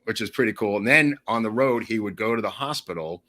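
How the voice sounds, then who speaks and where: Low-pitched guy on a podcast, rambling storyteller, keeps going off on tangents. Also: a little fast. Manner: animated, rambling anecdotes addressed to the host. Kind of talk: casual storytelling.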